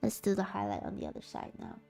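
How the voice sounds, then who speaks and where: A woman streamer at home, talking to her chat and narrating a story in a slow, steady voice. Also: mid-range voice, gravelly, faint music behind. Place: at home, sitting on the floor.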